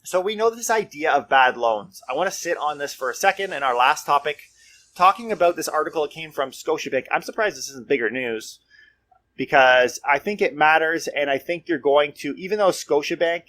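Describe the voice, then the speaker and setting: A young man hosts a casual market podcast and talks straight to his listeners. His voice sits a little high, and he drives points home by repeating them. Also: lively intonation, a little fast, bright, forceful tone. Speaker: real estate podcast host.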